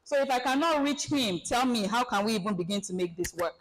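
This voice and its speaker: A woman giving a relationship seminar, animated and acting out everyday scenarios for her audience. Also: fairly high pitch, a little fast, noisy background. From Nigeria. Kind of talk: presentation talk to an audience.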